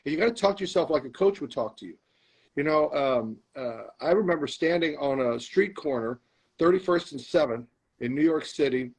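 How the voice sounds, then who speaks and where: A middle-aged man telling stories as a podcast guest, animated, acting out arguments with himself. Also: on the high side, normal speed, breathy edge, rough recording. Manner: animated storyteller, acts out arguing with himself. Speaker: guest, comedian and actor. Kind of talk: storytelling in a podcast interview.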